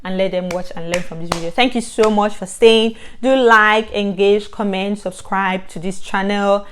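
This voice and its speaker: Lively Nigerian woman vlogging. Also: medium pitch, normal speed, clear, resonant tone. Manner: chatty and animated, with sudden loud bursts and laughs. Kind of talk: casual advice vlog.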